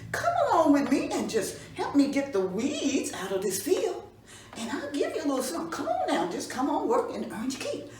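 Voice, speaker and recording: A woman voicing a hardworking male farmer in a folk tale, giving folksy, brisk instructions. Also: high-pitched, wildly swooping pitch, pitched above the performer's own voice. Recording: roomy echo from a distance, faint room noise.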